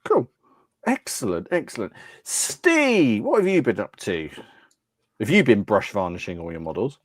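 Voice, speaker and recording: A man's voice: on the low side, huge pitch swings, normal speed, no room sound, studio quality. A man hosting a hobby podcast in a casual, chatty way, reading out names, teasing his co-hosts and laughing often. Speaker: podcast host.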